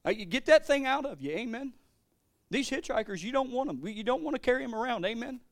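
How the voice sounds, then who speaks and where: A man preaching from the pulpit with a high-pitched voice, his delivery lurching between forceful proclamations and hushed, chatty storytelling. He often stumbles and restarts his phrases. The sound is close and dry. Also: fast talker, no echo. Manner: animated, swings between loud declarations and quiet storytelling, stammering restarts. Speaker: pastor. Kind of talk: sermon.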